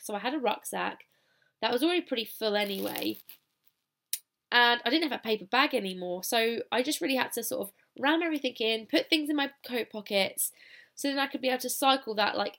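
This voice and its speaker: A woman's voice: a little high, creaky, fairly bright tone. A British woman hosting a solo podcast, telling a personal story in a chatty, casual, self-deprecating way with informal wording. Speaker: podcast host.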